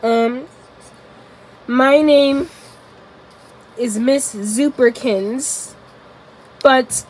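Woman doing a worried, soft-spoken little lady. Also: high voice, very slow, pauses often, full character voice, rough recording. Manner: hesitant, soft, with many ums.

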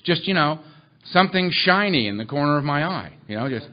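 A man with a slightly high, fairly quick voice shares funny, self-mocking stories at a recovery meeting, animatedly performing the voices of the people in them. The recording is muffled and lo-fi.

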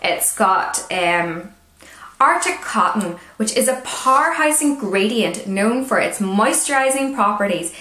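A woman's voice: medium pitch, expressive, measured pace, bright, forceful tone. A woman with a Northern Irish accent, chatting casually as she reviews beauty products with wry asides. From Northern Ireland. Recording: roomy echo.

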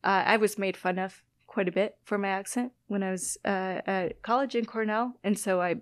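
A woman's voice: mid-range voice, fairly even intonation, moderate pace, no echo. A talkative woman from the American Midwest, sounding like she is in her thirties. She chats casually and laughs easily. Her voice is recorded close and dry, with no room around it. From Midwest US, Illinois-Wisconsin border. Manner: chatty, laughs often, self-deprecating. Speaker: guest scientist. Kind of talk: casual conversation.

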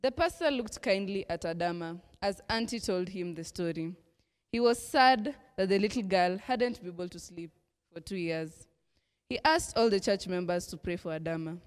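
A young woman with a Kenyan accent leads a church lesson, praying and reading a story in a measured, prayerful way. Her voice sits low. The sound carries the long reverb of a church hall. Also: clean tone. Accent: Kenyan English. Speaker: lesson presenter. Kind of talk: reading a mission story aloud.

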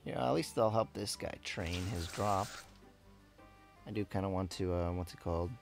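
A man chatting his way through a video game session, rambling and correcting himself as he goes. His voice is on the low side with a gravelly, fry-tinged texture, and faint game music plays under his talk. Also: moderate pace. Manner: rambling, self-correcting, laughs a lot. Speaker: let's play gamer. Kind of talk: casual gameplay commentary.

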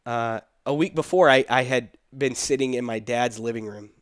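A middle-aged man telling a personal story in casual conversation, animated and quoting the people in it. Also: mid-range voice, normal speed, clean tone, no echo, studio quality. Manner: animated, quotes people in his story, laughs between. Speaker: guest telling his story.

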